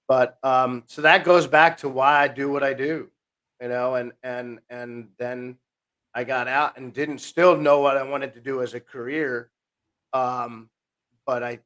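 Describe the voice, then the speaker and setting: A man, a podcast guest telling his life story in a rambling, self-interrupting way. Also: medium pitch. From New Jersey, USA. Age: 50s. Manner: rambling, self-interrupting, animated retelling with quoted voices.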